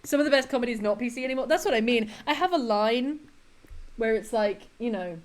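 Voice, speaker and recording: A woman's voice: a little high, fast talker. Chatty woman streaming. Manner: chatty, laughs often, quotes comedy lines. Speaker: livestreamer. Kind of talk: casual chat with chat while gaming.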